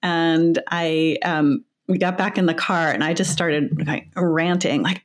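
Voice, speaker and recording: A woman who teaches mindfulness, a guest on the show who talks through a guided meditation in a slow, soothing way. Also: fairly low pitch, fairly even intonation.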